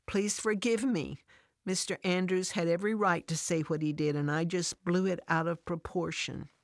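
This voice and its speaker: A woman voicing an upset, defensive working mother who talks in an emotional, high-strung, pleading way. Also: fairly even intonation, normal speed, creaky, dry recording, studio quality. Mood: contrite.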